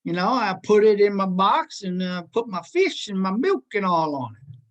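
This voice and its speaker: A man playing a naive country boy from the backwoods in a told joke, sounding loud, puzzled and insistent. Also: high-pitched, very animated, normal speed, pitched above the performer's own voice.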